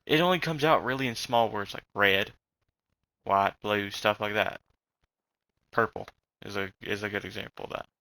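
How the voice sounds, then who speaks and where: A man's voice: fairly low pitch, expressive, quick pace, hardly any pauses, fairly bright tone, no room sound, low-quality recording. A young man with a slight Southern accent, ranting in a rambling, profane way while he plays a game. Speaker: vlogger. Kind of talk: rambling casual rant.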